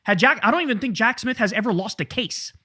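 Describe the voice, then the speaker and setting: A man's voice: high voice, lively intonation, quick pace, bright, forceful tone. A man giving emphatic, indignant political commentary straight to his viewers.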